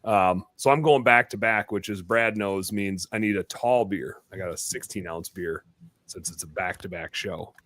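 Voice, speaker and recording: A man hosting a live podcast in casual chat, rambling and excitable, dropping the odd swear word. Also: sits low, normal speed. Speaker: podcast host.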